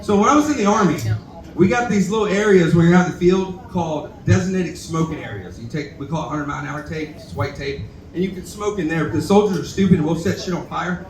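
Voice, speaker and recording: Rambling, cussing comic with a drawl. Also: male voice, a little high, expressive, fast talker, far from the mic. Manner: rambling, self-deprecating, profane, talks to the crowd. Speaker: stand-up comedian at open mic. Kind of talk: stand-up comedy set. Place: bar stage, roomy and echoey. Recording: echoey bar room recorded from afar.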